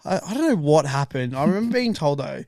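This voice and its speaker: A young man co-hosts a casual podcast and tells his stories loosely, with lots of swearing and laughing. His voice sits a little high and moves around a lot. The recording is dry and close. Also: sing-song, fast, darkish tone, dry recording. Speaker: podcast co-host. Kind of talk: casual chat.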